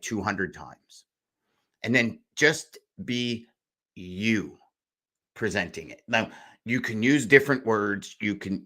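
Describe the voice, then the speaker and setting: A man hosting a podcast interview, telling animated stories and acting out voices in his anecdotes. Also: fairly low pitch. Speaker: podcast host.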